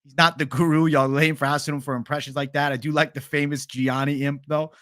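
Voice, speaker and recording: A man's voice: fairly high pitch, little pitch movement, fairly quick, a bit bright. A young man hosting a casual livestream, swearing freely and reading viewer chat aloud. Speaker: livestream host.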